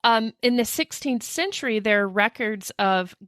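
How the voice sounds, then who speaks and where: Her fairly high voice moves at a moderate pace, and the studio-quality recording has no echo. She co-hosts a podcast, recounting eerie history in casual storytelling chat that is animated and full of laughter and jokes.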